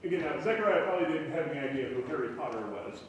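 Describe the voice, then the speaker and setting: A man's voice: on the high side, lively intonation, very fast, muffled recording, a little hiss or hum. A man preaching a conversational sermon as pastor, rambling and full of fillers and restarts. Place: church sanctuary. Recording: very echoey hall, voice far from mic.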